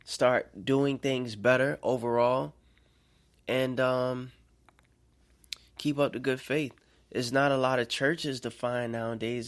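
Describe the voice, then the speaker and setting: Guy preaching off the cuff, mid-pitched, chatty, keeps asking if you're following, gets loud then goes real soft. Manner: conversational, checks in with listeners. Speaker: self-made preacher. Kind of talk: informal preaching monologue.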